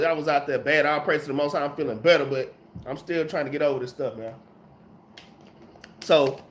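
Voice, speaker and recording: This man's voice sits high with a fairly bright tone. He teaches Bible class casually and emphatically, peppering it with slang, while coughing as he recovers from a cold.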